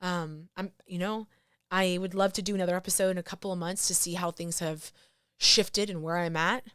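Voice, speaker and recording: A woman's voice: fairly low pitch, steady tone, moderate pace, fairly bright tone, clear, resonant tone, no echo, studio quality. A woman hosting her podcast, talking through grief in an emotional, heartfelt way, sighing and restarting her sentences. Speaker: podcast host. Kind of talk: personal reflective monologue.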